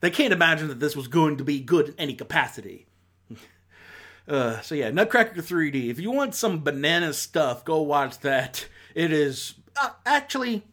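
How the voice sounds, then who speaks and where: A man talking casually through a countdown of bad films, rambling and sardonic, with exasperated high-pitched outbursts. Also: a bit bright. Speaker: film reviewer.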